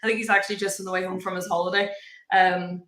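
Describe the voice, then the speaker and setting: A woman's voice: on the low side, little pitch movement, fast, fairly bright tone. A woman from the north coast of Ireland, co-hosting a livestream from her kitchen, bubbly and teasing, laughing often. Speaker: livestream co-host. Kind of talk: casual livestream chat. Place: room at home, her kitchen. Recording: echoey home room.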